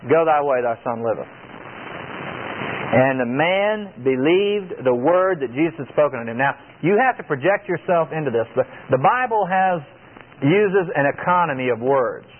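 A man's voice: a little high, lively intonation, moderate pace. Earnest preacher man on tinny radio. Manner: earnest, rhetorical questions, reads scripture aloud. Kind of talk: radio sermon. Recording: tinny phone-like radio broadcast.

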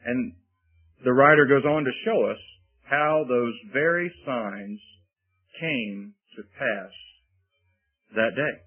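Husky preacher on a tinny line. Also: male voice, mid-range voice, takes it slowly, long pauses, soft background music. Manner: reads scripture aloud in old-fashioned wording, then explains it. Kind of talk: sermon.

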